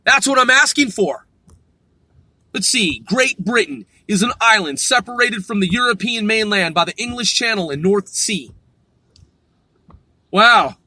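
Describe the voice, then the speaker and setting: A man's voice: sits high, expressive, measured pace, pauses often, bright, forceful tone, no echo. A man hosting a vlog, ranting profanely and arguing with a voice assistant in exasperation. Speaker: vlog host. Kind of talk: ranting commentary.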